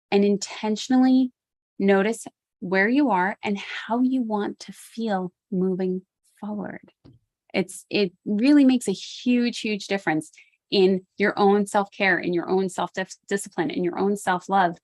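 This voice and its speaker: A woman's voice: medium pitch, measured pace, no echo. A woman guest-hosting a talk on self-care, encouraging and laughing often as she repeats key points. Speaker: guest host.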